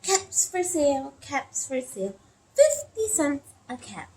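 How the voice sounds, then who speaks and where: Brief: a hot-tempered peddler man, scolding in a lively, swooping voice, read by a woman. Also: on the low side, unhurried, a little hiss or hum, poor audio. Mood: calling out. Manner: scolding, finger-wagging demands. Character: proud, quick-tempered male cap peddler.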